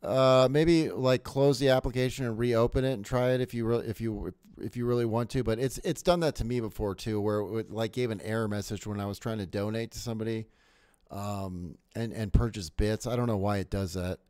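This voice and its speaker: A man's voice: on the low side, steady tone, fairly quick, a little mellow, clean tone, no room sound, studio quality. A man streaming a horror game, chatting casually to viewers, jokey and swearing as he plays. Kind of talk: casual live game commentary.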